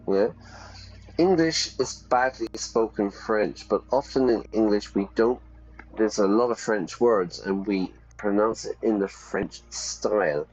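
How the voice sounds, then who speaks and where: A man's voice: lowish voice, takes it slowly, a little mellow, muffled recording. A man teaching English while streaming a game, chatty, explaining with examples and checking in with "yeah?".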